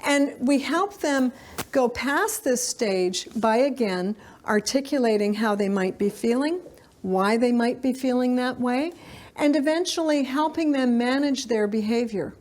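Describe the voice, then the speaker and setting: A middle-aged woman gives a parenting seminar in a slightly high voice. She talks to her audience in a loose, conversational way, full of "um" and "you know". Now and then she briefly slips into the voice of a child or parent to make a point. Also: unhurried, darkish tone. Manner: conversational, frequent fillers, acts out children's lines. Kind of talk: live lecture to parents.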